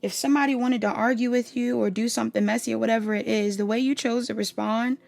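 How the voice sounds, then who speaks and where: Gravelly-voiced woman giving a tarot reading. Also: on the high side, fairly even intonation, fast, a little mellow. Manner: casual, rambling, heavy use of "like". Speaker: tarot reader. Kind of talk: pick-a-card tarot reading.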